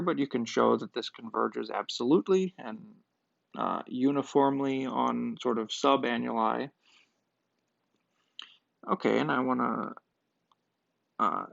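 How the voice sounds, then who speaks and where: Guy with a really gravelly voice explaining a math proof, kinda muffled dry recording. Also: mid-range voice, no echo. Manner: methodical, thinking aloud with fillers. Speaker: math professor. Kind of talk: lecture at a board. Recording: dull lo-fi dry sound.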